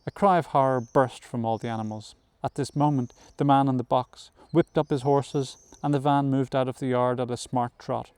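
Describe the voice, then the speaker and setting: A man narrating a novel aloud as an audiobook reader, in a measured storytelling manner that includes occasional self-corrections. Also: mid-range voice, fairly even intonation, a little mellow, clear, resonant tone, dry recording.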